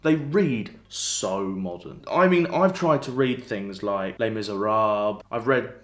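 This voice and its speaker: A young man, a book vlogger who talks casually and with a dry, deadpan edge, often getting enthusiastic. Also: fairly low pitch, measured pace. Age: young adult. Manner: dry and deadpan in the sketch, chatty and enthusiastic about books. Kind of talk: casual chat. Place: indoors in a flat. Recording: echoey room.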